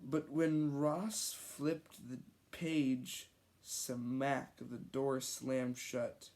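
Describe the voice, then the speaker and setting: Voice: medium pitch, level tone, very slow, darkish tone. A reader casually reading aloud an old childhood story, amused and stumbling over the messy handwriting with joking asides. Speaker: reader of own childhood stories.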